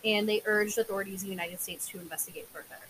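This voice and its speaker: A woman's voice: mid-range voice, fairly even intonation, very fast, a bit bright, slight background noise, rough recording. A young woman co-hosting a true crime podcast, recounting case details casually with many filler words. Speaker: podcast co-host.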